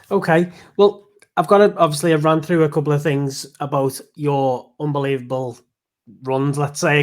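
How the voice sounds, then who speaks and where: A man hosting a casual podcast interview, relaxed and swearing freely. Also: on the high side. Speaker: podcast host.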